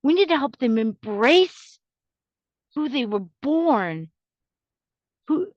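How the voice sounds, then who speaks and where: A woman's voice: high-pitched, very animated, takes it slowly, no echo, muffled recording. A woman in her thirties hosting a podcast, talking in a chatty, confiding way and laughing between sentences, with a runny nose. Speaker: podcast host. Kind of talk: casual monologue.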